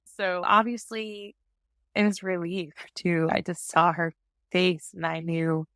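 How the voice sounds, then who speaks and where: A woman's voice: lowish voice, level tone, takes it slowly, fairly bright tone, no room sound, clean studio sound. A young adult woman, a guest, telling her story in a casual interview and acting out the exchanges she quotes. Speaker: guest, parent advocate.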